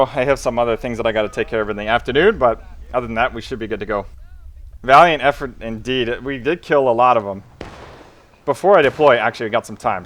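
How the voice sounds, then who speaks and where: A man's voice: mid-range voice, a bit bright. A man live-streaming a game, chatting with viewers and calling orders to teammates. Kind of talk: casual live gameplay commentary.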